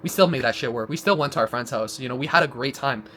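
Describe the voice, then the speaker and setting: A man's voice: mid-range voice, quick pace, pushed and bright, a little hiss or hum. A man delivering a blunt, profane motivational monologue, rambling and restarting as he goes. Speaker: vlogger.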